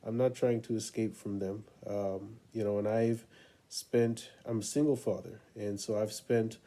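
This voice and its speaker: A middle-aged man, a parent coach, telling a story in a relaxed, unhurried way with many pauses. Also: lowish voice. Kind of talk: casual storytelling talk to camera.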